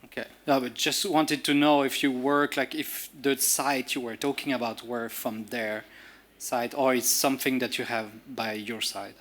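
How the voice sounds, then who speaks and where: A man's voice: mid-range voice, little pitch movement, moderate pace, fairly bright tone. A man in the audience asking a polite, hesitant question.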